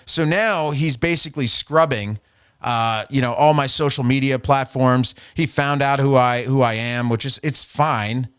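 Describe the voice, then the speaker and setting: A man's voice: mid-range voice, measured pace, a bit bright, smooth. Profane, mocking podcast host, man. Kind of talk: casual storytelling.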